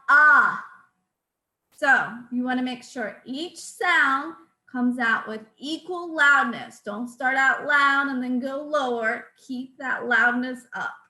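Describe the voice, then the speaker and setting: A woman speech therapist guides a group through voice exercises in a calm, instructive way and counts each repetition aloud. She speaks slowly, and her voice sits high. The sound is echoey, as if from a bare room. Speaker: speech-language pathologist leading voice exercises.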